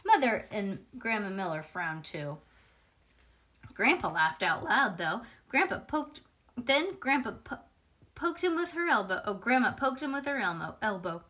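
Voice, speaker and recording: Woman reading a kids chapter book out loud, lively and expressive, stumbles a bit sometimes. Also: mid-range voice, unhurried. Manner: lively, expressive read-aloud with small slips. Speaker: reader of a children's book.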